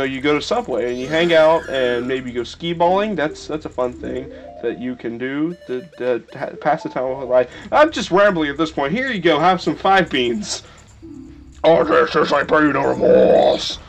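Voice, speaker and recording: A young man hosting a game playthrough, rambling and joking with sudden excited yelps. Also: fairly high pitch, moderate pace. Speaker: let's play host. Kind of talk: casual gameplay commentary. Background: faint video game music.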